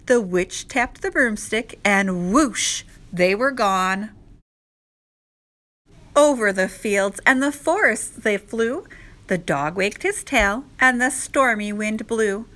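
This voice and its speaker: A woman teacher reading a rhyming picture book aloud to children, slow and expressive. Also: mid-range voice. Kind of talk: children's read-aloud narration.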